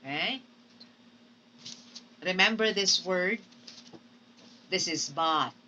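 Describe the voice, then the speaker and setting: A woman teacher giving a recorded phonetics lecture, speaking deliberately and often checking in with her students. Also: on the low side, animated, sharp tone, far from the mic, a little hiss or hum, poor audio. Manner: slow, deliberate, checks in with "okay?". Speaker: English teacher.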